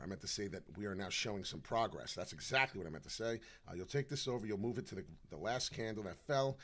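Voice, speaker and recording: A brash man with a New York accent, rambling excitedly on a live crypto chart stream, jumping between loud outbursts and low mutters. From New York / New Jersey. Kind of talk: casual live stream chat.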